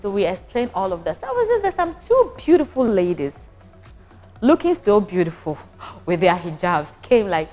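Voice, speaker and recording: A young Ghanaian woman casually recounting her hospital stay as a patient, animated and prone to restarts. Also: mid-range voice, moderate pace, soft background music. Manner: animated, acts out voices, frequent restarts. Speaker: patient giving a testimonial. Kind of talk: casual storytelling.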